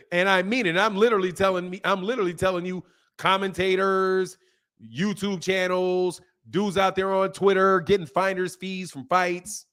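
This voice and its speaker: A man hosting a boxing channel, talking in a casual, opinionated way, animated and laughing often as he answers his chat. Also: sits high, moderate pace, clean tone.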